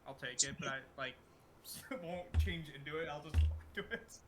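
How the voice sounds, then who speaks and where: A man's voice: fairly high pitch, moderate pace, over music. A man playing a tabletop game who talks in a casual, joking way. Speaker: player. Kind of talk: casual chat.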